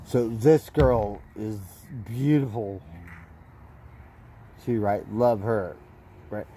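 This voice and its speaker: A man's voice: lowish voice, extremely slow, warm tone, slight background noise, rough recording. A man hosting a casual livestream, rambling playfully and tagging his lines with "right?". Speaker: livestream host. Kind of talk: casual live-stream chat.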